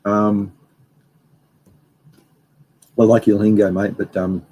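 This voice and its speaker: A man's voice: fairly low pitch, level tone, slow, mellow, slight background noise, poor audio. A young man hosting a casual livestream, rambling and reading out viewer comments. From Australia. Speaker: livestream host.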